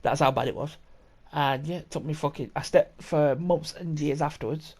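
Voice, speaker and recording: A man's voice: a little high, steady tone, moderate pace, a little mellow. A young man hosting a podcast, telling a story in a rambling, sweary way with plenty of laughs and restarts. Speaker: podcast host. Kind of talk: casual storytelling chat.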